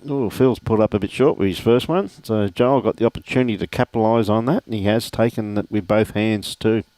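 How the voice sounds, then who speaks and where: Speaking a little fast, this middle-aged man with an Australian accent has a lowish, mellow voice captured in a dry recording. He gives relaxed live commentary on a lawn bowls stream, keeping it chatty and matey and calling out viewers by name.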